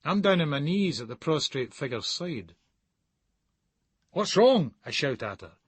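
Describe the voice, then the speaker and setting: A man's voice: mid-range voice, sing-song, normal speed, fairly bright tone, husky, no room sound. A man with a Scottish accent reading a gritty first-person novel in a sardonic storytelling manner. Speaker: audiobook narrator.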